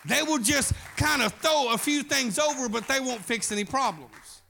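A man's voice: very high voice, expressive, normal speed, creaky, bright, forceful tone, a little hiss or hum. A man preaching a sermon, telling a folksy story as pastor.

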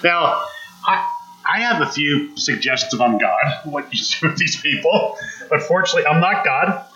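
A male pastor speaks in a slightly high, bright, forceful voice. He preaches in a conversational way, acting out people's lines and putting questions to the congregation. The sound is roomy, with a clear echo off the walls. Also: lively intonation, moderate pace, lo-fi sound. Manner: conversational, acts out quotes, asks the congregation questions. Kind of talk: sermon.

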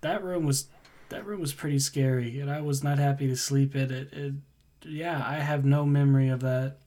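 Mellow-voiced man recalling a memory. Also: medium pitch, fairly even intonation, moderate pace. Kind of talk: casual chat.

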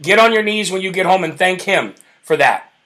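A man hosting a live political talk show, fervent and preacher-like, reading viewer comments out loud. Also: sits high, lively intonation, moderate pace.

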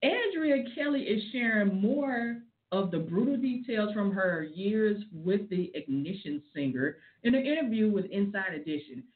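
A woman's voice: mid-range voice, animated, normal speed, few pauses. A woman giving casual celebrity gossip commentary, chatty and opinionated with frank asides. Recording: tinny phone-like audio.

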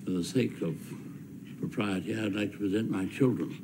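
An actor playing an aging male island scientist who speaks softly and formally, heard as a film clip. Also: on the low side, normal speed, background noise, natural voice. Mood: courtly, hushed. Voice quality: soft-spoken, formal, hushed. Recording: film clip with ambient background.

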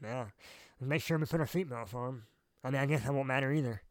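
A man co-hosting a casual podcast chat, relaxed and trailing off with fillers as he thinks. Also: medium pitch, fairly quick, no room sound. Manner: laid-back, trails off with fillers. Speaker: podcast co-host.

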